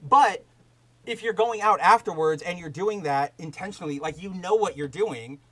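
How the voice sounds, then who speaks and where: This podcast host has a high voice and talks at a normal speed, though the recording is poor quality. In a casual session with live chat, he rants animatedly with heavy profanity, rambling loosely through fillers and restarts.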